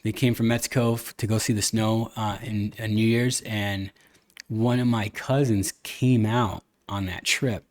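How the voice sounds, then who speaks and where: A man's voice: lowish voice, fairly even intonation, measured pace. A man hosting a casual podcast chat, earnest and rambling, with many restarts and fillers. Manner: earnest, occasionally cusses. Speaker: podcast host.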